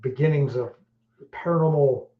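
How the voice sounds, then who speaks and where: A middle-aged man from Wales hosts a podcast, speaking at a moderate pace in a medium-pitched voice. The chat is casual, blunt, and crude, rambling with plenty of fillers, and the recording sounds roomy, dull, and lo-fi.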